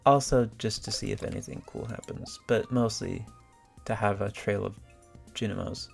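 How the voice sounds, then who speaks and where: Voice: mid-range voice, normal speed, vocal fry, soft background music. Rambling gamer thinking aloud. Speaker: gaming channel host. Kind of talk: casual let's-play commentary.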